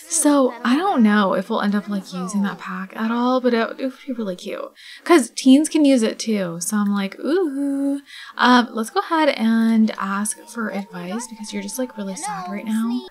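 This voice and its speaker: A young woman hosting a casual let's play, chatting and reacting out loud as she plays, sometimes dropping into a whisper. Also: on the high side. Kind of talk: casual gameplay commentary.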